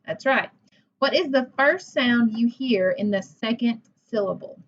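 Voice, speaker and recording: Woman teacher, slow patient phonics lesson, sounds out words, encouraging, dull lo-fi recording. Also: a little high.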